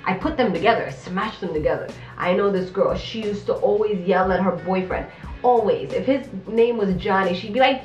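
A woman comedian hosting a radio show, chatting loudly in slangy, rambling speech full of tag questions. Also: medium pitch, echoey room, distant mic, muffled recording. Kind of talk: casual comedy interview chat.

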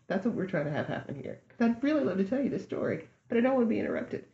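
Animated woman telling a dating story. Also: lowish voice, rapid-fire, gravelly, few pauses, roomy sound, dull audio. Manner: animated, acts out both sides of conversations. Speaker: podcast guest. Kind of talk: casual storytelling.

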